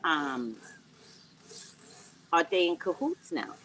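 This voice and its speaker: Animated woman chatting to her viewers. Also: deep voice, slow pace, slight background noise, poor audio. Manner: animated, jokey, talks to viewers and chat. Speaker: psychic livestream host. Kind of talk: casual livestream chat. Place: home indoors. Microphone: no external mic.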